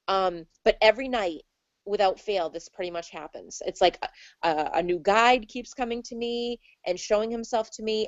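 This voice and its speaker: A woman's voice: mid-range voice, no echo. A woman working as a medium, talking casually in an interview and acting out her own reactions as she tells her story. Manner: chatty, animated, acts out her own reactions. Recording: muffled, dry sound.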